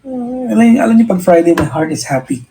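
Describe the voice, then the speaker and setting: Answering a listener, a radio host with a Filipino accent offers heartfelt, thoughtful advice on life in casual talk that switches between English and Tagalog, with many restarted sentences. His high voice is warm and husky, quick and lively in intonation, captured on a rough recording.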